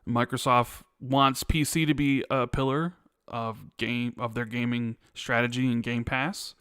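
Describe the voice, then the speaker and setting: A young adult man co-hosting a casual podcast, reading viewer comments aloud and telling animated stories. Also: mid-range voice, unhurried, clear, resonant tone, no echo, clean studio sound. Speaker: podcast co-host. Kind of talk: casual chat.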